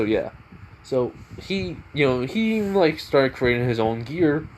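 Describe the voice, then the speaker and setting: A man's voice: medium pitch, slight background noise, rough recording. A young man retelling his own fan story off the cuff, rambling with lots of fillers and self-corrections.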